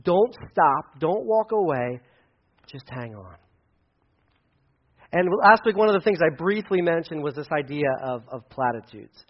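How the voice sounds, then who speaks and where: A man with a high voice preaches a sermon, and his delivery is lively. When he acts out quoted speech, his voice jumps into loud, high bursts. The recording sounds muffled and lo-fi. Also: normal speed, hardly any pauses. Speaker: pastor.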